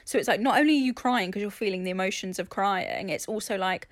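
A woman's voice: mid-range voice, lively intonation, fast, no echo, clean studio sound. A woman co-hosting a casual podcast chat, candid and swearing freely as she talks through her feelings. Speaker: podcast co-host.

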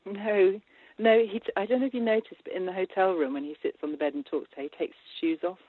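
A husky-voiced woman film director talks through a thin, phone-like line that sounds dry and close. She is chatty, laughs easily and fills her thoughts with small hesitations. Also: mid-range voice, fairly even intonation, fast talker, dry recording. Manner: warm, chatty, laughs often, many hesitations. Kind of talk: casual interview chat.

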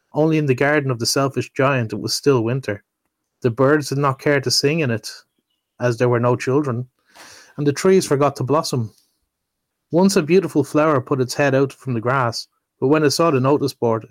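A man's voice: mid-range voice, dry recording. A man reading a classic children's story aloud in an easygoing way, now and then stumbling and correcting himself. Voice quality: relaxed, with occasional slips and self-corrections.

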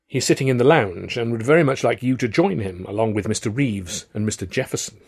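A man voicing a tall, formal male English butler who speaks politely, in a husky voice. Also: mid-range voice, animated, brisk, a little mellow.

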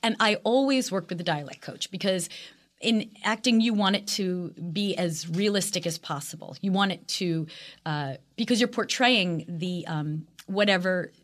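A middle-aged woman with a Long Island accent, chatting as an actress guest in a casual interview, animated and full of fillers. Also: fairly low pitch, normal speed. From Long Island, New York.

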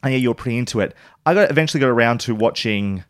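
A man, co-hosting a podcast in casual chat, talking in a loose, rambling way and halting over his words. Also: medium pitch, dry recording, clean studio sound. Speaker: podcast co-host.

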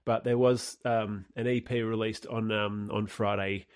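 A man's voice: on the low side, level tone, measured pace, no echo. A man co-hosting a podcast in casual chat, with a dry, teasing, sarcastic manner. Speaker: podcast co-host.

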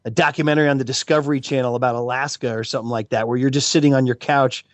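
A man chatting as a guest commentator on a podcast, excitable and rambling, joking as he goes. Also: medium pitch, racing, no room sound. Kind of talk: casual podcast chat.

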